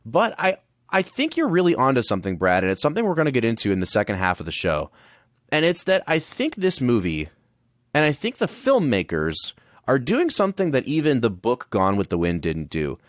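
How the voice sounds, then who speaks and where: A man's voice: mid-range voice, wildly swooping pitch, brisk, no echo, studio quality. A man co-hosting a podcast, talking through a film in an enthusiastic, analytical way. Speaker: podcast co-host. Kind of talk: casual film discussion.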